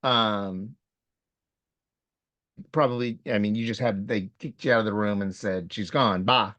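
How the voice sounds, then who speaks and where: A man's voice: lowish voice, fairly even intonation, a little slow, fairly bright tone, dry recording, muffled recording. A man co-hosting a podcast, talking plainly and reflectively about a painful loss, saying he is in tears. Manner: plain, reflective, speaks of crying. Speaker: podcast co-host. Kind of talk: casual emotional chat.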